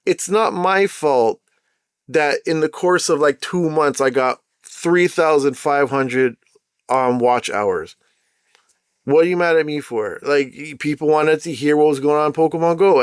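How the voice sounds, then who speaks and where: A man's voice: fairly high pitch, unhurried, clean tone, no echo, studio quality. A man hosting his own podcast, ranting in a heated, indignant way with slangy rhetorical questions. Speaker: podcast host. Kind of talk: ranting solo podcast monologue.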